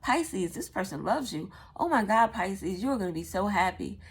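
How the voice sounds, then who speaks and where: A woman's voice: medium pitch, lively intonation, normal speed, slight background noise, natural voice. A woman imitating an overly familiar tarot reader who repeats the listener's sign in a sing-song way. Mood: gushing.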